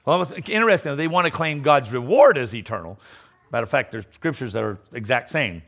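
Man, middle-aged, fiery sermon, bright sharp tone, lively pitch, loud declarations and low mocking asides, stumbling restarts. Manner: repeats words in quick restarts. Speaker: preacher.

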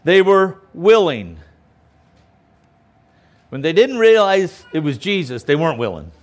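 A pastor preaching a sermon outdoors by a lakeshore, emphatic and often checking in with the listeners. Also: male voice, fairly high pitch, big pitch swings, a little slow. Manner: emphatic, keeps checking in with "okay?".

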